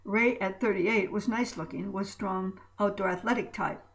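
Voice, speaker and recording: A woman's voice: mid-range voice, moderate pace, poor audio. A woman narrating a story aloud, reading with small slips and restarts.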